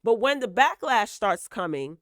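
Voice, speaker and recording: A woman's voice: a little high, big pitch swings, measured pace, fairly bright tone, no room sound, studio quality. A woman giving casual gossip commentary on entertainment news, opinionated and lecturing, and often checking in with "all right?". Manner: repeats "all right?" and "okay?" as check-ins.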